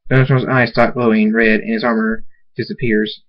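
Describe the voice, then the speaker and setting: A man's voice: fairly low pitch, level tone, moderate pace. A man reading a fan story aloud in a plain voice, sometimes stumbling and restarting words. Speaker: reader. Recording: dull lo-fi recording.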